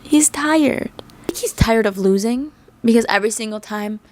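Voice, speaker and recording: Talking a little fast in a medium-pitched voice, a young woman rants about a cartoon show on her channel, full of animation and exasperated jokes, in casual fan-commentary style.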